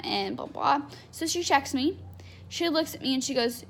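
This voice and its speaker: A woman's voice: sits high, normal speed, creaky, a little hiss or hum. A young adult woman telling a candid personal story in a chatty, unfiltered way, full of fillers. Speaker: vlogger.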